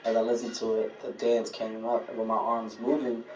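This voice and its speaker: A man's voice: medium pitch, moderate pace, highs cut off. A male comedian guest telling a playful talk show anecdote. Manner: animated storytelling, playful. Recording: roomy, distant, loud music over it.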